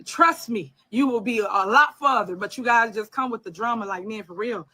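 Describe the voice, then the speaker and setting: Bright-voiced woman politician, defiant. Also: fairly high pitch. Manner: measured, filler-laden, defiant. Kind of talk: political address to viewers.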